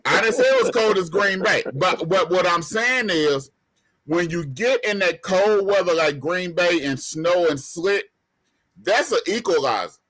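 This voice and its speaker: Emphatic sports-talk man, bright voice. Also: high voice, measured pace. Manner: emphatic, repeats himself, colloquial. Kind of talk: heated sports debate.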